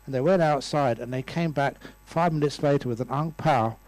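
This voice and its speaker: A man's voice: medium pitch, normal speed, darkish tone, no room sound, rough recording. A man in his sixties, a Buddhist monk, giving a humorous dharma talk and telling stories with playful voices. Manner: storytelling with playful voices and laughs. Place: lecture room.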